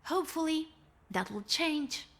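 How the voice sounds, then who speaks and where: An eager, high-voiced young woman. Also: lively intonation, unhurried, a bit bright, heavily acted. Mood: earnest. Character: earnest young woman fascinated by magic.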